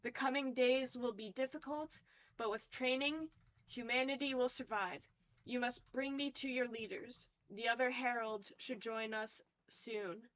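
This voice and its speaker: A woman voicing an entranced male prisoner who speaks as a herald in a flat, muffled monotone. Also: a little high, measured pace. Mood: monotone trance. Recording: lo-fi muffled audio.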